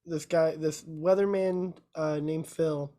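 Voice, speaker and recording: A woman's voice: low voice, steady tone, takes it slowly, dark tone. A woman co-hosting a podcast, casually retelling a movie plot with lots of filler words. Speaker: podcast co-host. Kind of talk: casual chat.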